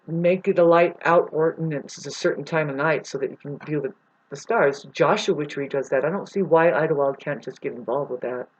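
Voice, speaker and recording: A speaker talks straight to the camera in a long, rambling personal monologue, emotional and quick to apologize. Sentences keep breaking off and starting over. The recording sounds muffled and lo-fi. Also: medium pitch, darkish tone. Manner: emotional, apologetic, many restarts and asides. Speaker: self-described live performing artist. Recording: dull lo-fi recording.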